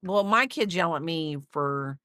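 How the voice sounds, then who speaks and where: A middle-aged woman hosting a casual crochet livestream, chatty and teasing, with frequent laughter. Her voice is fairly low but swings widely in pitch. The sound is dry and close. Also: animated, unhurried, sharp tone, no room sound. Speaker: livestream host. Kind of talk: casual chat while crocheting on stream.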